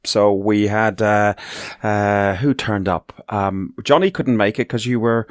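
A man hosting a podcast in casual chat, chatty and quick to laugh, swearing freely. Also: on the low side, sing-song, no room sound, clean studio sound. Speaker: podcast host.

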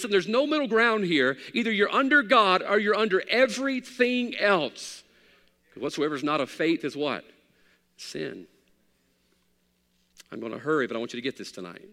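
Male pastor, emphatic preaching, fairly high voice, reverberant hall. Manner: emphatic preaching, rising loud then dropping low. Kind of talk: sermon.

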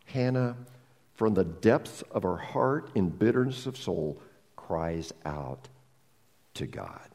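A man preaching a sermon as a pastor, telling a Bible story with lively humor and asides. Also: sits low, takes it slowly, gravelly, slightly rough, long reverb tail.

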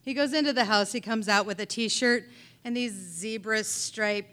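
On a theater pub stage, a middle-aged woman tells a personal story, animated and wry, swinging between loud and hushed delivery. Her voice is a little high and her pace moderate.

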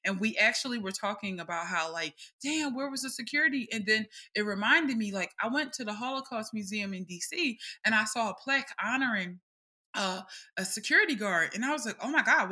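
A young adult woman co-hosting a podcast, telling stories in a casual, blunt, animated way. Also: mid-range voice. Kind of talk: casual chat.

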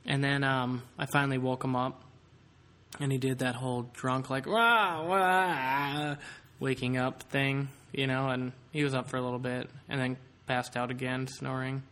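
A man's voice: mid-range voice, monotone, normal speed, a bit bright. Rambling man telling a story. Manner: rambling storyteller, lots of fillers. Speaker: podcast host. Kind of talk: casual podcast chat.

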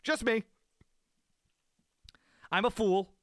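Animated high-voiced man ranting about sports. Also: extremely slow, dry recording, clean studio sound. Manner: animated, rambling, self-mocking rants. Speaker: podcast co-host. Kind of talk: casual sports talk.

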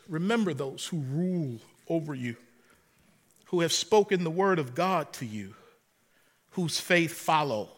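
A middle-aged man, preaching a sermon as pastor, animated and storytelling with humor. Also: fairly high pitch.

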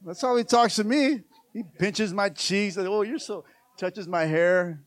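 A male pastor preaching a sermon, calling out to the congregation and swinging between rousing exhortation and soft, hushed passages. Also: high-pitched, a little slow, no echo. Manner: calls out to the church.

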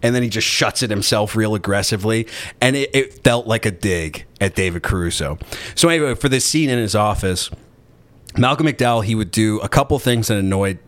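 A man's voice: fairly low pitch, a bit bright. A man hosting a casual chat, retelling a story in a rambling, sarcastic, profane way.

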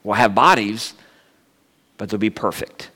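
A man's voice: on the low side, a little slow, pushed and bright, slightly rough. A man in his fifties preaching a sermon as a guest speaker, telling funny stories and bantering with the congregation. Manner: humorous, storytelling, jokes with the congregation. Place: church sanctuary. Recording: long church reverb.

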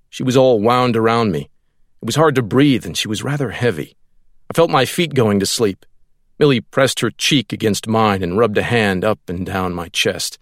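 A man's voice: lowish voice, normal speed, no room sound, studio quality. A man reading a literary story aloud as audiobook narrator, in a wry, storytelling way.

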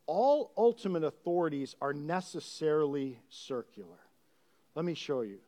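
Male pastor, high lively voice, animated sermon full of rhetorical questions. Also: normal speed.

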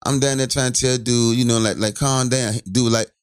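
A man's voice: medium pitch, steady tone, moderate pace, clear, resonant tone. A man chiming in during a casual chat, backing up and adding to a story. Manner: laid-back, chiming in to back up the story. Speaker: podcast co-host.

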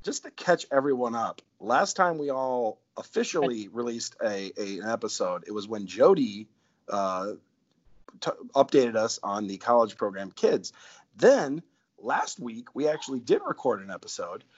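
A man's voice: mid-range voice, big pitch swings, moderate pace. A male podcast host chatting casually and laughing, rambling with enthusiasm. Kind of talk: casual chat. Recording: dull lo-fi recording.

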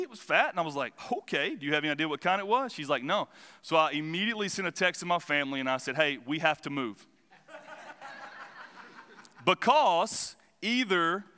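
Bright, chatty man preaching in a hall. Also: a little high, clear, resonant tone. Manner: chatty, self-deprecating, humorous asides. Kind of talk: casual sermon with storytelling. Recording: reverberant hall.

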